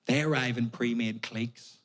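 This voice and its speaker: Sweary, animated Belfast comedian. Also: male voice, mid-range voice, normal speed. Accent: Northern Irish, Belfast. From Northern Ireland. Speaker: stand-up comedian. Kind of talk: stand-up comedy set. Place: comedy venue stage. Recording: live audience laughter in a venue. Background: audience laughing.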